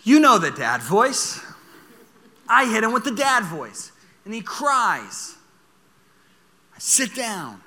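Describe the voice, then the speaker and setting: Young guy pastor telling a funny story, super bright voice, echoey hall. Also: high voice, slow, pauses often. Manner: animated storytelling, laughing as he goes. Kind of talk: sermon.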